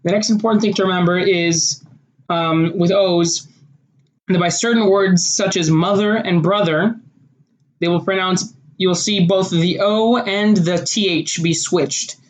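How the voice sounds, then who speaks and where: A speaker with an American accent, slowly and deliberately explaining pronunciation rules in an instructional video. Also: mid-range voice, fairly even intonation. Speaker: accent tutorial presenter.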